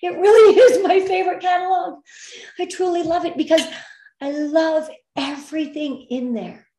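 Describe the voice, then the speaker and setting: A woman's voice: very high voice, fairly even intonation, normal speed, mellow. A middle-aged woman giving upbeat, encouraging motivational business training to her sales team, now and then getting emotional. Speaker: direct sales team leader. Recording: echoey room.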